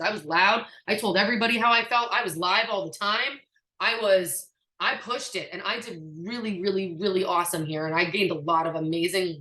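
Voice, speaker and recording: A woman with a lowish, forceful voice speaks candidly and emphatically to her team, sprinkling in filler words and occasional swearing. The sound comes through an echoey room. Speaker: direct-sales team trainer. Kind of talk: casual motivational talk.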